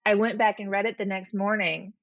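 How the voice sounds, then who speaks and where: A woman speaking as a podcast guest in an earnest, reflective way, at a mid pitch. The sound is slightly muffled and lo-fi, with a close, dry quality and no room echo. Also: flat delivery, a little fast, creaky. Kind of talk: heartfelt interview talk.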